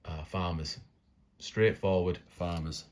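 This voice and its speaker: A man's voice: low-pitched, fairly even intonation, slow pace, darkish tone, slight background noise. A man musing aloud in a casual unboxing commentary, chatty and tripping over words. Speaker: coin collecting vlogger.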